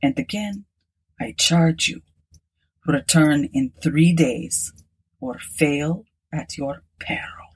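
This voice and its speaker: A woman voicing an old male prophet who delivers solemn warnings slowly and gravely. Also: sits low, animated, exaggerated voice.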